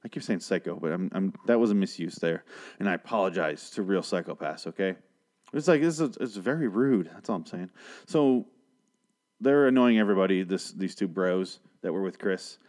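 A man with a fairly low voice hosts a laid-back episode review. He talks in a rambling, sarcastic way and swears freely as he goes. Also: expressive, normal speed, a little mellow. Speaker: host of a TV review show.

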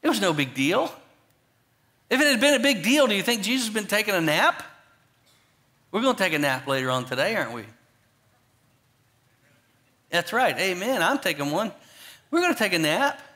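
A man pastor preaching a sermon, animated, swinging between loud emphatic bursts and quiet low asides. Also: moderate pace, long pauses.

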